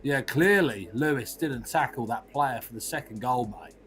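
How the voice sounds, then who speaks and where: Man doing a brash Aussie gaffer, broad accent, mid-pitched, cusses and mates his way through every line. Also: moderate pace, fairly bright tone, soft background music, lightly acted. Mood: grumbling. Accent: Australian. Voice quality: broad slangy delivery, every line ending in "mate". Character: blunt Australian male football manager, swearing. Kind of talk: comedic impression in podcast chat.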